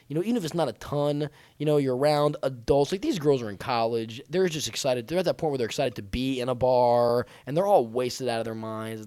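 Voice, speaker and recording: A man in his twenties tells a crude story in loose, joking chat. His voice sits at an ordinary pitch and sounds dry and close. He slips into high mimicry when he quotes other people. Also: darkish tone, dry recording. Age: 20s. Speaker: podcast storyteller. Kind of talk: casual chat, telling a story.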